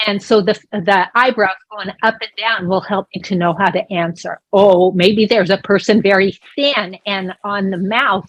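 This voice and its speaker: A woman's voice: mid-range voice, no echo, dull audio. Woman voicing a sign-language lesson, dry sound. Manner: explanatory, conversational, with small restarts. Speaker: voice interpreter for a deaf presenter.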